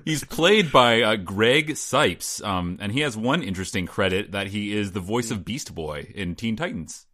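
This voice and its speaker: A man with a low but lively voice chats about the film and offers trivia. He restarts his sentences a lot as he thinks aloud. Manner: chatty, shares trivia, halting restarts. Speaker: podcast co-host. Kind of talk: casual movie discussion.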